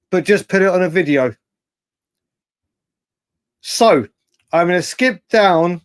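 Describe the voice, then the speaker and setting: A man hosting a late-night live fan stream, reading viewer messages and bantering in a rambling, excitable way with lots of slang. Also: high-pitched, dry recording, studio quality. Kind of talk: live stream chat reading super chats.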